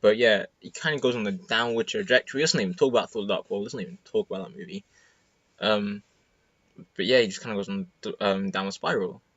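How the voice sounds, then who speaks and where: A teenage boy giving an excited, rambling movie review full of fillers and restarts. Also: lowish voice, fast talker, no echo, lo-fi sound. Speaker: student vlogger. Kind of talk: casual movie review monologue.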